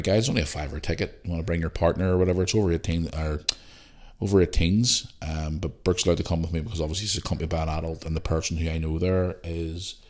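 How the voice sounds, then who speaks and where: Ranting Northern Irish man, low voice. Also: darkish tone. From Northern Ireland. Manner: blunt, profane and ranting. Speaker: podcast host. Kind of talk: solo podcast rant.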